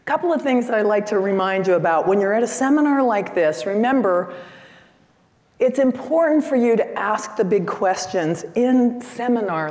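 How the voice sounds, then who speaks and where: A woman in her sixties giving a lively, chatty seminar talk and questioning the audience from the stage. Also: medium pitch. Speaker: seminar speaker. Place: conference hall stage. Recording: echoey hall.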